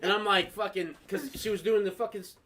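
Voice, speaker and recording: A man's voice: high-pitched, fast, a crowd in the background. A man hosting a casual podcast, telling profane stories and acting out other people's voices. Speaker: podcast host. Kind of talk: casual storytelling chat.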